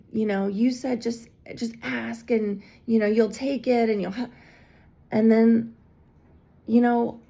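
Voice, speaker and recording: A woman with a low, gravelly edge to her voice tells a personal story. She sounds earnest and chatty and leans on "like" constantly, with a dark, mellow tone. It has the loose feel of a spiritual guide talking straight to her followers. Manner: chatty and earnest, heavy use of "like". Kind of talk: casual confessional storytelling.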